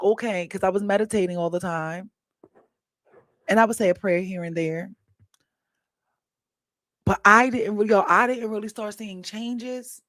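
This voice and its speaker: Female podcast host, animated and chatty, mid-range pitch, dry room. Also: no echo. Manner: chatty, animated storytelling with asides to listeners. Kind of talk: casual monologue.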